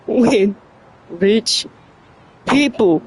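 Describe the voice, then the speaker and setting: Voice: medium pitch, expressive, drawn-out words, a little mellow, a little hiss or hum. A young adult streamer chatting casually on a livestream, stumbling over words, laughing often and mocking themself. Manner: laughs often between lines.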